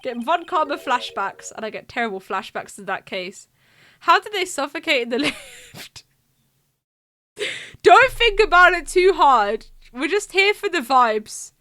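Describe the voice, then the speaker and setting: A British woman with a high voice speaks at a measured pace while streaming a game playthrough. She reads the dialogue aloud, voices the characters, and reacts excitably with frequent laughter.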